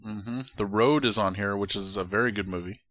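Low laid-back man on a podcast. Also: fairly even intonation, brisk, a bit bright, lo-fi sound. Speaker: podcast co-host. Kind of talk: casual podcast chat.

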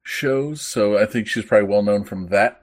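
A man's voice: lowish voice, normal speed. A man co-hosting a casual podcast chat, easygoing and a little hesitant. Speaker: podcast co-host.

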